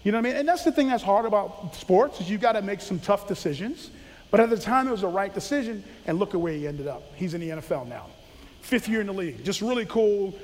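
High-voiced man telling coaching stories. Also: fast talker, long reverb tail. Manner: animated, acts out quotes, laughs often. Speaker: former football coach. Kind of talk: casual storytelling.

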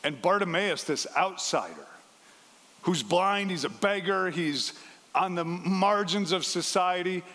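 A man's voice: high-pitched, lively intonation, measured pace, pushed and bright. Man preaching in a reverberant hall. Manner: conversational, acts out the quoted lines. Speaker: pastor. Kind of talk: sermon.

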